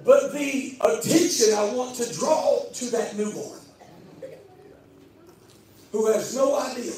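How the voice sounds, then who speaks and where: A man preaching a sermon as pastor, moving between loud shouted exhortation and quiet tender storytelling. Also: very high voice, takes it slowly, pauses often, a little hiss or hum. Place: church hall. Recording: echoey hall with music, from far off.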